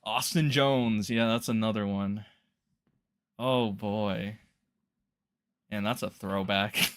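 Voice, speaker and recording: A man's voice: lowish voice, flat delivery, slow, very noisy. A man doing casual livestream commentary, blunt and profane, rambling loosely as he reacts to chat. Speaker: streamer reacting to drama.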